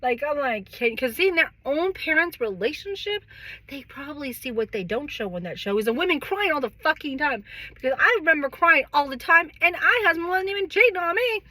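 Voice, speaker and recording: A woman's voice: high-pitched, lively intonation, a little fast, sharp tone, no room sound. A middle-aged woman in a candid personal monologue, rambling and swearing often, with frequent sighs. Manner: rambling, heavily profane, sighing and laughing. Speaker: vlogger.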